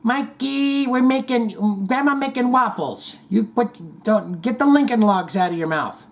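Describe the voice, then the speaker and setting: A man voicing a cheerful elderly grandmother who dances in the kitchen, with a high, sing-song voice. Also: expressive, measured pace, creaky, exaggerated voice. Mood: giddy singsong.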